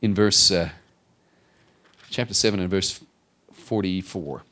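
A man's voice: sits low, slow pace. A middle-aged male pastor preaching a sermon, who acts out the voices of the people in the story. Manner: animated, acts out voices of Bible figures.

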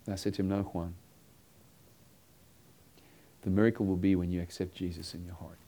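A man preaching a sermon, earnestly telling a story and acting out the dialogue, sometimes dropping to a hushed tone. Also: deep voice, little pitch movement, a little fast.

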